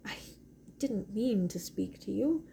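Woman voicing a hesitant young woman, storybook reading, low gravelly edge, mellow tone. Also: animated, slow pace, a little hiss or hum. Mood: wondering. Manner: hesitant, stammering. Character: shy curious young woman.

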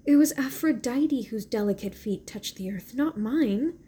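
A woman's voice: fairly high pitch, lively intonation, measured pace, dark tone. A woman reading a shy, hesitant young woman. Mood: wondering. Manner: hesitant, stammering.

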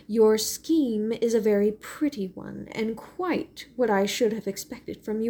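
A woman's voice: fairly high pitch, mellow, breathy edge. A woman reading as a sarcastic male guardian. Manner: sarcastic, formal. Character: sarcastic older male guardian writing a letter. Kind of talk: audiobook reading of a letter.

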